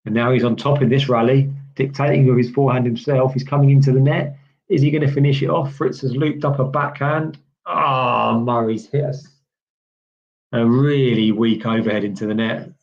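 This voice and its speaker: A man from the UK doing casual live tennis commentary, chatty and rambling as he answers viewer chat with lots of "um"s. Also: mid-range voice. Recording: slightly dull lo-fi stream audio.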